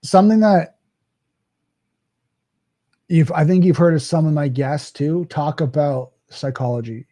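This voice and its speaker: Middle-aged male host, casual solo Q&A delivery, mellow slightly high voice, dry close mic. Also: no room sound. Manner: conversational with frequent restarts and "right?". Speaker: cybersecurity host. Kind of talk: solo Q&A talk.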